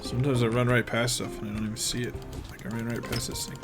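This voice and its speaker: A man giving relaxed, rambling gameplay commentary, chatting with asides as he plays. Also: medium pitch, quick pace. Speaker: gaming channel host. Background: game music.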